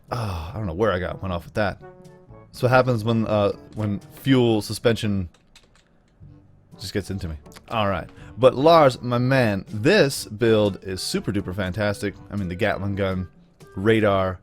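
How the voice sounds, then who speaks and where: A man's voice: lowish voice, normal speed, soft background music. A man giving loose, jokey let's play commentary as a gaming channel host, enthusiastic and rambling. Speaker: gaming YouTuber.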